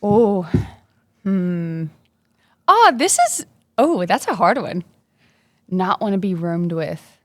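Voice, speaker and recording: A woman's voice: lowish voice, expressive, slow pace, pauses often, no room sound. A young woman, chatting casually and upbeat as a guest, laughing easily. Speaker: basketball player, podcast guest. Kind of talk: casual interview chat.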